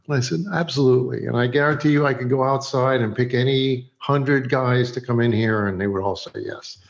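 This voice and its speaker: A man, a TV director, telling a story from a film set in a relaxed way, acting out both sides of the dialogue and laughing often. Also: mid-range voice, a little fast, creaky, dull audio. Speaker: TV director, guest.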